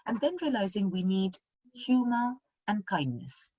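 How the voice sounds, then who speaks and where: A woman's voice: medium pitch, very animated, measured pace, mellow, husky, dry recording, muffled recording. A middle-aged woman chatting as an interview guest over a video call, reflective and thinking aloud as she talks. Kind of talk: casual conversational interview.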